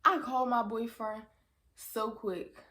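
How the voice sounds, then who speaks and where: A young woman telling a casual storytime vlog, animated and profane, acting out what people said. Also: a little high, unhurried. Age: young adult. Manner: animated, profane retelling with acted-out quotes. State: tearful at times. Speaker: vlogger.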